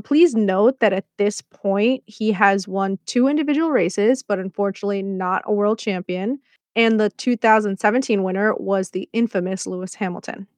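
A woman's voice: medium pitch, no echo, clean studio sound. A woman hosting a podcast, recapping a series episode in a chatty, playful way with sarcastic asides. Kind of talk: casual scripted commentary.

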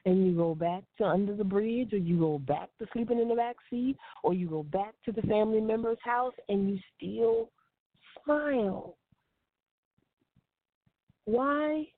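A woman's voice: medium pitch, a little slow. A woman preaching a devotional sermon in an earnest, repeating cadence. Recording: tinny phone-line sound, dry.

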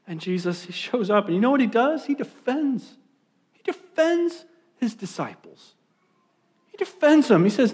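A young adult man preaching a sermon as pastor, animated and swinging between loud emphasis and hushed asides. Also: sits high, normal speed.

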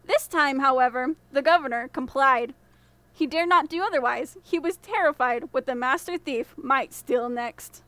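A woman podcast storyteller reading a fairy tale in a measured, expressive way. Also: sits high, dry recording. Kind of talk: scripted fairy tale narration.

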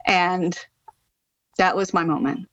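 A middle-aged American woman from Pennsylvania, a charity founder telling her story as a podcast guest, lively and emphatic, jumping up in pitch when she gets fired up. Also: slow pace, no room sound, highs cut off. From United States. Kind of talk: casual interview storytelling.

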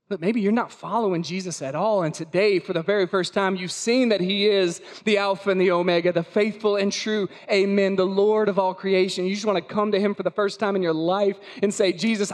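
A male pastor delivers a sermon at a church service. His voice sits high for a man, and he hammers his points with repetition and rhetorical questions. He is emphatic and direct.

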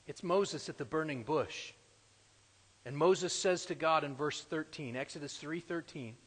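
Speaking a little slowly, a preacher with a slightly high, husky, somewhat raised voice delivers his sermon in a vast echoing hall. His emphatic delivery rises to loud declarations, then sinks into hushed remarks.

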